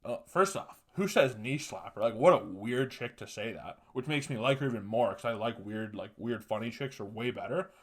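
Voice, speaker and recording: A man's voice: mid-range voice, animated, normal speed, hardly any pauses. Profane, ranting male podcast host. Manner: profane, ranting, with loud emphatic bursts. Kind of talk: casual solo podcast monologue.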